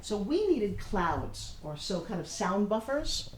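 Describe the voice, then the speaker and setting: A woman in her fifties giving a casual walking tour of her studio, excitable and showy, talking straight to the camera. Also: mid-range voice, takes it slowly, a little hiss or hum. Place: her own studio and offices, indoors.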